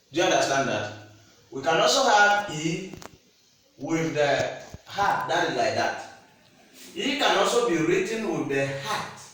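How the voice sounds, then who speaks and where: A man with a fairly bright, high-side voice teaches French pronunciation slowly, classroom style, patiently repeating words to make sure the student follows. The room is echoey and the mic distant.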